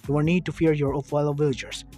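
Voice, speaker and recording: A man reading as Naruto, a calm ninja sage. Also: fairly high pitch, faint music behind, natural voice. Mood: calm, firm. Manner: calm, measured. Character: calm adult male ninja sage hero.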